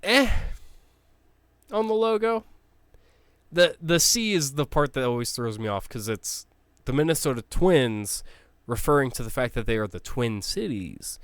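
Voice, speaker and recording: A man talking in a casual, blunt, ranting way, cursing and restarting his sentences often. His voice is smooth and clear, recorded dry and close, with no room sound. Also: mid-range voice, lively intonation, a little slow, no room sound. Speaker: sports logo ranker. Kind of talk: casual opinionated commentary.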